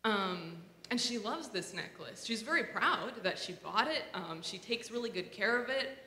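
A woman's voice: mid-range voice, expressive, normal speed, sharp tone. A woman giving a reflective personal talk in a conversational way, with many fillers and restarts. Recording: echoey room with long reverb, faint noise.

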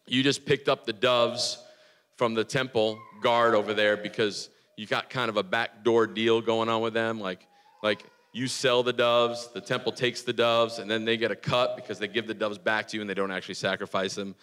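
A man preaching a casual, excitable sermon, telling a story with many restarts and filler words. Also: fairly low pitch, moderate pace, clear, resonant tone, in a large hall. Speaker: pastor.

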